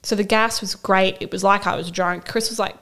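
A woman's voice: mid-range voice, steady tone, fairly quick, a bit bright. A woman in her thirties, a podcast co-host, candidly telling her birth story in casual chat and quoting herself with bursts of emotion.

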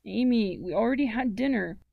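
A woman's voice: a little high, brisk, creaky, slightly rough, no echo, phone-quality sound. Woman reading as an easygoing teenage boy. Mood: casual. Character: teenage boy, easygoing and teasing best friend.

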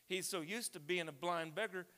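A man preaching a sermon, talking conversationally and then building up to loud shouts. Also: high-pitched, moderate pace, slight background noise. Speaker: pastor. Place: church sanctuary. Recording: long reverb of a large hall.

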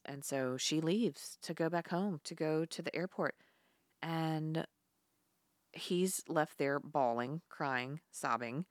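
Low-voiced woman recapping a film. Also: takes it slowly, no echo, studio quality. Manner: animated, laughs often, swears casually. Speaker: podcast co-host. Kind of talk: casual film recap chat.

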